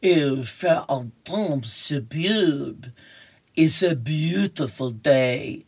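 A woman reading a comic strip aloud and voicing a suave cartoon beagle, speaking in slow, careful phrases. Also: low voice, very animated, breathy edge, heavily acted.

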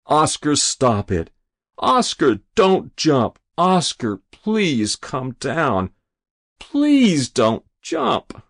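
A man voicing an older rabbi who pleads in drawn-out, desperate cries. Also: a little high, wildly swooping pitch, fairly bright tone, no echo, studio quality, pitched above the performer's own voice, full character voice. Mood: pleading.

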